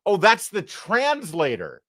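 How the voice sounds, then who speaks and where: Male talk host, mocking commentary, bright forceful voice. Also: high voice, huge pitch swings, slow, no room sound, clean studio sound. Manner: sarcastic, mocking asides. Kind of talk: live political commentary show.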